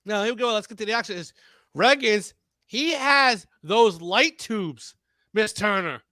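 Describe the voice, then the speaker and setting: Male wrestling commentator, very high voice, bright and dry, excited rambling play-by-play. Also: a little slow, no echo. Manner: rambling, animated, stumbles over words.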